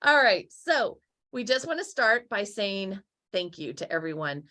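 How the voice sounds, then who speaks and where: A woman's voice: medium pitch, sing-song, unhurried, pushed and bright. A woman hosting a podcast interview, chatty, teasing and upbeat as she thanks listeners and welcomes her guest. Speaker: podcast host. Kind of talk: casual interview chat.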